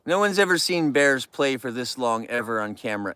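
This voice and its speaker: A man's voice: medium pitch, expressive, a little fast, bright, forceful tone, smooth, no room sound. A man live-streaming outdoors near bears, ranting about rude viewers and scolding the animals in a rambling chat.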